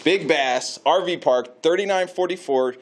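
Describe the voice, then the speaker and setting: A man's voice: a little high, measured pace, slight background noise. A man hosting a casual interview, upbeat and promotional. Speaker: host.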